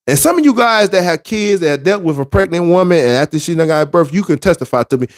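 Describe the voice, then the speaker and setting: Brief: high-voiced man, relationship-advice monologue, preachy, emphatic, lively swings. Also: fast. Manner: emphatic, repetitive, street-preacher cadence.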